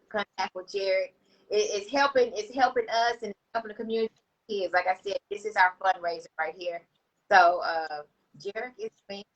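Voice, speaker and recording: A woman, a guest on a livestream, talking in a relaxed, halting way with many fillers. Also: mid-range voice. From Houston, Texas. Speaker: guest, education nonprofit founder. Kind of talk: casual interview chat. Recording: dull lo-fi call audio.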